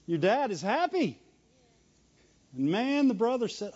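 This sermon comes from a man whose voice is strikingly high; his delivery is lively and forceful, broken by frequent chuckles, unhurried pauses, and a slightly rough edge. Sound quality is muffled and lo-fi.

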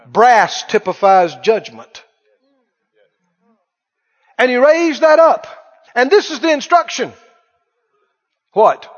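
A male preacher with a very high voice delivers a dramatic sermon in a large auditorium, stretching important words out slowly and firing questions at the congregation. The sound is dull and lo-fi, with a long reverb trailing behind him. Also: big pitch swings.

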